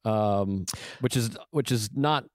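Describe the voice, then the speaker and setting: A man's voice: lowish voice, darkish tone, no room sound, studio quality. A man who is a comedian in a casual chat, speaking frankly and confessionally, swearing often and mixing jokes into his points. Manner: frank, profane, confessional and quick to joke.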